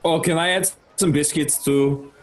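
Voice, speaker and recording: A man's voice: a little high, steady tone, unhurried. A man playing a tabletop game, chatting playfully with the group. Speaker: player. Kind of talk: casual tabletop game chat.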